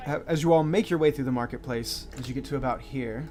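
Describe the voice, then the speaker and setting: A man narrating a tabletop game as game master, relaxed with frequent fillers. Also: mid-range voice, fast.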